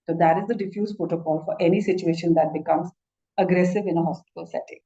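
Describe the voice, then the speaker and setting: Speaking fast in a fairly low, steady, mellow voice, a woman doctor with an Indian English accent gives an instructive masterclass lecture. She keeps saying "you know" and starting sentences over, and the highs in the recording are cut off.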